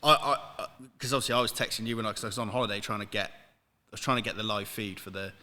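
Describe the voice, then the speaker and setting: A man's voice: lowish voice, steady tone, fast talker, sharp tone. A man from Wales co-hosting a podcast, telling sweary anecdotes and laughing through them. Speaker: podcast co-host. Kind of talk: casual podcast banter. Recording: room with long reverb.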